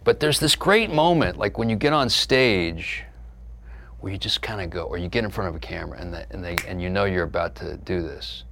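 Middle-aged man with a low, animated voice. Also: fairly quick, slight background noise. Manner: animated, profane, laughing, drifts into soft low musing. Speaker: actor, interview guest. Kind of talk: candid conversational storytelling.

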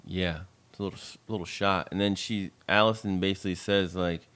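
A man's voice: deep voice, steady tone, fairly quick, few pauses, fairly bright tone, clean tone. A man co-hosting a podcast, recapping a movie with wry, laid-back asides. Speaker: podcast co-host. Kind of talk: casual movie recap chat.

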